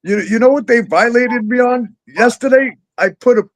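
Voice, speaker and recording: A man hosting a casual talk show, animated and profane, laughing often and acting out exchanges as he tells stories. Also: very high voice, moderate pace. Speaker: show host. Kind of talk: casual podcast chat.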